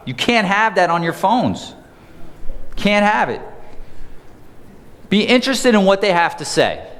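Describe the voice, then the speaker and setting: A man's voice: on the high side, a bit bright, big-room sound. A man giving a live sales seminar, talking energetically and conversationally and quizzing the audience. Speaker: sales trainer. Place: seminar room.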